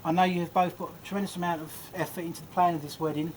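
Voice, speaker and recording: A man's voice: fairly high pitch, level tone, racing, rough recording. A man giving a jokey, rambling best man's speech at a wedding reception. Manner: jokey, rambling, often laughing. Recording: loud background noise at a reception.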